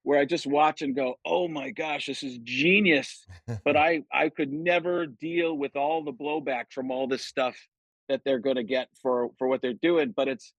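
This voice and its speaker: A middle-aged man, a comedian guest on a podcast, chatting casually and telling stories with lively quoted voices. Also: mid-range voice, normal speed, no echo, muffled recording. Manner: animated storytelling, jumps into quoted voices. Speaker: guest impressionist.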